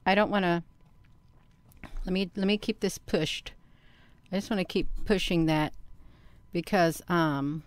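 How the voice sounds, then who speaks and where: A woman hosting a casual screen-share video, talking to herself by name and to her viewers, and breaking into loud excited exclamations. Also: fairly low pitch, clean tone, dry recording. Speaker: channel host.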